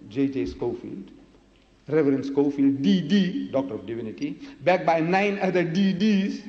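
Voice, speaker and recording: A man's voice: fairly high pitch, mellow, dull audio. Emphatic man lecturing in an echoey hall. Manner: emphatic, rhetorical questions, repeats key words. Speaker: religious lecturer. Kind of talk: public religious lecture.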